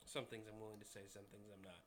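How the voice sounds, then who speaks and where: A man's voice: fairly low pitch, level tone, fast, a bit bright, a little hiss or hum. A man casually reading jokes aloud at home to his young son, adding wry asides. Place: home, by a high chair.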